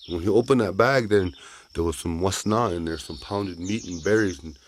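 A man telling a traditional story in a folksy, animated way with casual asides. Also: low voice, moderate pace, slight background noise.

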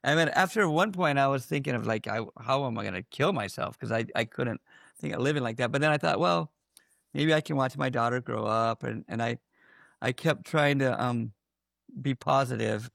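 A man giving a candid personal account in an interview, halting, with many fillers and restarts. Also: mid-range voice, vocal fry, fairly bright tone, dry recording, studio quality.

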